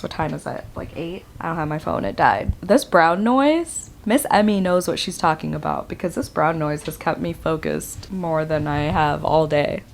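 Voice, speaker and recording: A woman's voice: low voice, normal speed, creaky, hardly any pauses, a little hiss or hum. A woman reading a book aloud at home in a casual vlog, reacting with laughter, groans and swearing. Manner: expressive, swears and laughs often, reads passages aloud. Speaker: book vlogger. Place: at home at a table.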